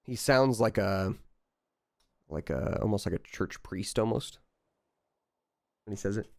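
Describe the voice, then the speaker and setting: A man running a tabletop game as game master, narrating in a relaxed, halting way with many fillers. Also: fairly low pitch, gravelly, no echo, studio quality.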